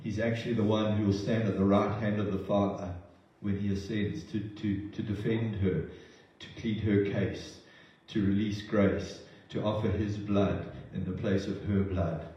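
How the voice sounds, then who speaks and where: Man, sermon, earnest, emotional, repeats words, dark tone, very echoey. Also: fairly low pitch, fairly even intonation, measured pace, highs cut off. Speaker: preacher. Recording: roomy distant sound.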